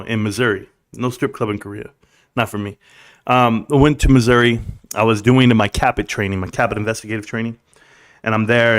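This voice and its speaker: A young man hosting a casual livestream, joking crudely, laughing often and calling people bro. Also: mid-range voice. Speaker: livestream host.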